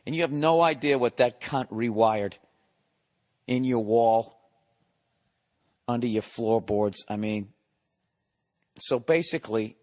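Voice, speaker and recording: A comedian hosting a podcast, telling a long profane story in a casual monologue, exasperated and sarcastic. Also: male voice, medium pitch, slow pace, long pauses, a little mellow.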